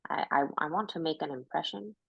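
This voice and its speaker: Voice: medium pitch, fairly quick, vocal fry, breathy edge, dry recording, highs cut off. A player in a tabletop game, speaking hesitantly and stammering in character.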